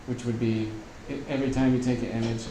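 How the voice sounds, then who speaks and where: A man's voice: medium pitch, level tone, quick pace. A man at a club meeting, asking probing questions about another member's gear. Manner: inquisitive, probing. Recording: distant mic in an echoey hall with clear hum.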